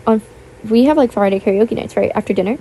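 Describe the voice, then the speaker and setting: A young woman in her teens chatting casually, rambling with lots of fillers and a self-conscious, apologetic manner; her voice sounds a little rough. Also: on the high side, quick pace, warm tone. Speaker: YouTuber. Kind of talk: casual chat over gameplay.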